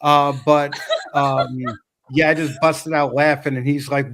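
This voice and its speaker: A man's voice: medium pitch, flat delivery, a little slow, fairly bright tone, slight background noise. A man with a New York accent, a podcast guest telling stories in casual chat, swearing and laughing often. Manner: profane, laughing storyteller.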